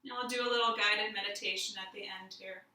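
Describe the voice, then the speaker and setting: A woman yoga teacher giving slow, gentle cues for poses and a guided meditation. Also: mid-range voice, steady tone. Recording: very echoey room, distant mic.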